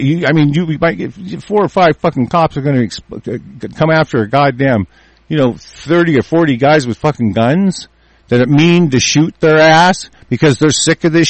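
A man in a furious, profane rant, repeating himself and shouting through restarts. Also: fairly high pitch, no echo. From United States. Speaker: ranting commentator.

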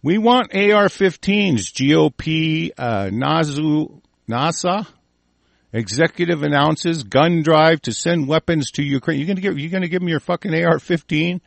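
With a gravelly voice on the high side, an American show host rants at normal speed, animated and furious, on a recording with no room sound. He curses, hurls insults, and trips over the news headlines he reads out.

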